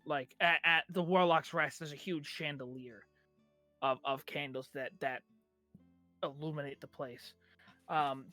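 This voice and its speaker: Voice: mid-range voice, a bit bright, dry recording. A game master narrating a tabletop game, rambling and full of fillers.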